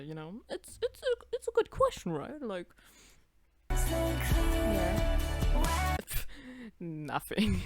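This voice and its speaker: A woman's voice: mid-range voice, wildly swooping pitch, slow pace, long pauses, a little mellow, no echo. A young woman casually reacting to her own old videos, swearing, laughing and putting on voices for the characters.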